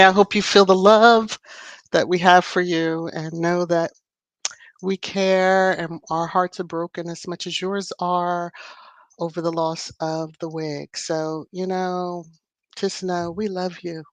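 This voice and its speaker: A woman's voice: on the low side, no room sound. A woman hosting a livestream in a casual, playful, chatty way, laughing often. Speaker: livestream host. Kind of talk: casual live-chat talk.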